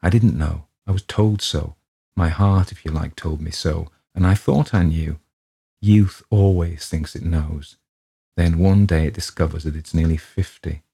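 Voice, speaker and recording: A man's voice: low voice, steady tone, a little slow, creaky, warm tone, breathy edge, exaggerated voice. A man reading aloud who voices a weary, petulant male writer in his forties. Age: 40s. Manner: weary, grumbling.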